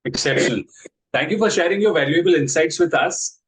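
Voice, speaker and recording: A man's voice: a little high, brisk, fairly bright tone, slight background noise, rough recording. A man hosting an interview, asking questions in a formal, polished way. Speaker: interview host.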